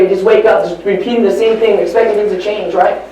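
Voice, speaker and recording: A man giving a motivational training talk at a live event, telling stories and moving between hushed and emphatic delivery. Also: high voice, steady tone, fast, highs cut off, slight background noise. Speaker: motivational speaker. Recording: echoey live hall recording from far off.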